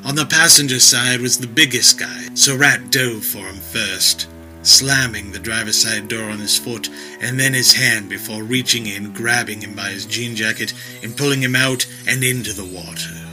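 A man narrating an action story in a vivid, expressive storytelling manner. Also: mid-range voice, moderate pace, soft background music, rough recording.

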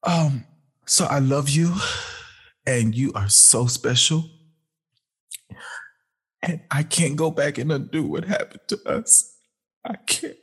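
A man with a husky, breathy voice that sits a little high for a man. He speaks slowly and tearfully to his younger self, sighing and pausing as the words come out in halting, heartfelt phrases. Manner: halting, heartfelt, with sighs and pauses. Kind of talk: emotional personal address.

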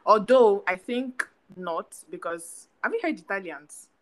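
A woman's voice: mid-range voice, measured pace, a little hiss or hum, low-quality recording. Chatty young Nigerian woman. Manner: animated, chatty, lots of fillers. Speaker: podcast co-host. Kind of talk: casual chat.

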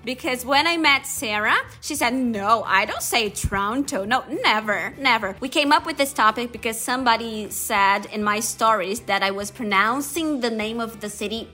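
A woman hosting a casual chat, asking questions and telling stories in a lively way. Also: fairly high pitch, moderate pace, hardly any pauses. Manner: asks questions, lively storytelling. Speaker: host.

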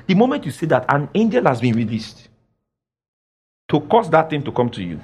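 A male pastor preaches to his congregation. He scolds and repeats phrases for emphasis, and his slightly high voice rises and falls a lot. Now and then he breaks into a laugh. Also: sing-song, fast talker, slightly rough. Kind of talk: sermon. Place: church.

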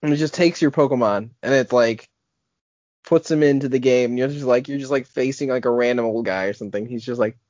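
A man's voice: mid-range voice, a little fast, darkish tone, no room sound. A young man co-hosting a podcast in casual chat, rambling with lots of filler words and restarts. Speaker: podcast co-host. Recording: dull lo-fi podcast audio.

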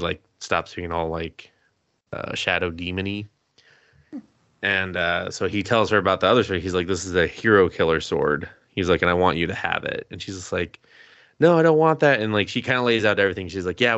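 A man's voice: low voice, bright, forceful tone, no room sound, lo-fi sound. A man co-hosting a podcast, casually recapping an anime episode, acting out the characters' lines, laughing and swearing as he goes. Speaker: podcast co-host.

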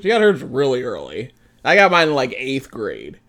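A young woman co-hosting a casual movie review chat, giggling often and acting out quotes in high voices. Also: huge pitch swings, normal speed, a bit bright. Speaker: co-host.

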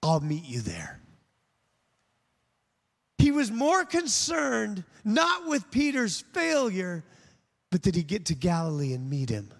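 A man's voice: sits high, sing-song, measured pace, creaky. A man preaching a sermon as a pastor, emphatic, swinging between rising and falling delivery. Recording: long reverb of a large hall.

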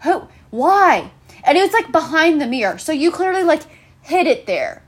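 A woman's voice: high-pitched, very animated, normal speed. Sarcastic, swearing young woman ranting. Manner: exasperated, profane, sarcastic ranting. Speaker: podcast host. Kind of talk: solo ranting podcast.

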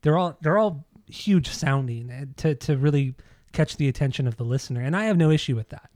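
A man's voice: fairly high pitch, brisk, a little mellow, no room sound, clean studio sound. A man co-hosting a casual music podcast, enthusiastic, laughing often and singing bits of lyrics. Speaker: podcast co-host.

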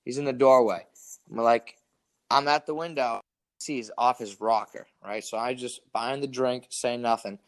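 A young man telling a story in casual chat, animated and profane, full of "dude" and "like". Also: mid-range voice, moderate pace.

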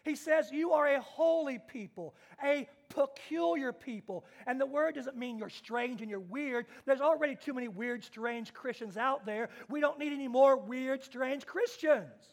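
A man's voice: extremely high pitch, unhurried, gravelly, hardly any pauses. A man preaching a sermon as pastor, building his points through emphatic repeated phrases and plain everyday illustrations.

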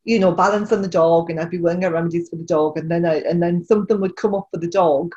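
A woman's voice: on the low side, fairly even intonation, fast, a little mellow, husky, lo-fi sound. A woman kinesiologist chatting with a colleague about working with dogs and their owners. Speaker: kinesiologist, host. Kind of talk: casual conversation.

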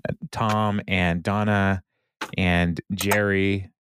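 A man co-hosting a podcast, recapping a TV episode in an animated, casual way with many filler sounds. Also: deep voice, very slow, background noise. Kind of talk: casual chat.

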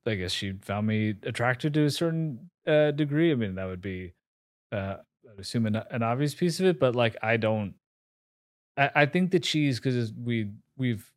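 Guy in his 40s telling stories on a podcast, swears a lot, laughs at himself, mid pitch, dry close mic. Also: animated, moderate pace, dry recording. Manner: candid, swears freely, laughs at himself, many fillers and restarts. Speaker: interview guest. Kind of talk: casual interview storytelling.

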